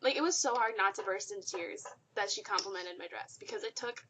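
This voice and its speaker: A woman's voice: medium pitch, brisk, pushed and bright, slight background noise. A young woman co-hosting a podcast, chatting casually with friends and telling a convention story with lots of laughter. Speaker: podcast co-host. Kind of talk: casual group chat.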